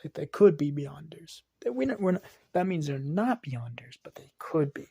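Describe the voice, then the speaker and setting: A man's voice: on the high side, sing-song, moderate pace, gravelly, warm tone, breathy edge, dry recording, clean studio sound. A man casually making up a fan story as he goes, hesitant, restarting sentences and sometimes dropping to a whisper.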